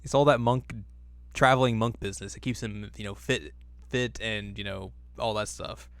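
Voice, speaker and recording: A man's voice: fairly low pitch, moderate pace, smooth, dry recording. A man co-hosting a casual recap chat, joking around and putting on silly voices as he retells scenes. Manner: playful, puts on silly voices while recapping. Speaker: podcast co-host.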